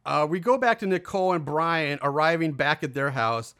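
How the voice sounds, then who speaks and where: Rambling through a movie recap on a podcast, this man leans on fillers and performs the characters' quotes. His voice is on the high side, smooth and fairly bright, at a normal speed.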